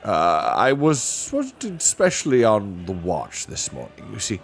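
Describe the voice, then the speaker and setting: A man voicing a mild, sleepy old male magician who talks in a gentle, chuckling, rambling way. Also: lowish voice, wildly swooping pitch, unhurried, creaky, a little hiss or hum, exaggerated voice. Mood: genial.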